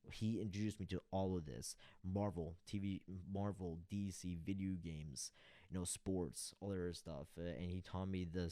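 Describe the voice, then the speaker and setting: A man's voice: sits low, dark tone, no room sound. A young man reacting to a music video, talking casually and emotionally with many restarts and fillers.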